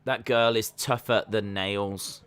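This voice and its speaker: A man hosting a casual live watch-along stream, calling the action and answering chat questions, sometimes jumping into high-pitched disbelief. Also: takes it slowly, clean tone. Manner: breaks into high-pitched disbelief when excited. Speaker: live stream reaction host.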